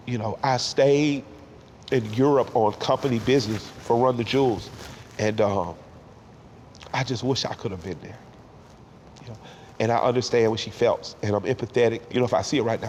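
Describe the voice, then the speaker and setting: A man's voice: medium pitch, normal speed, big-room sound. A man in his forties talks in an interview, heartfelt and reflective. He stumbles over repeated words when emotion rises, and tears sometimes come into his voice. A faint background hiss sits under the recording. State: tearful at times. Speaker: interview guest, rapper.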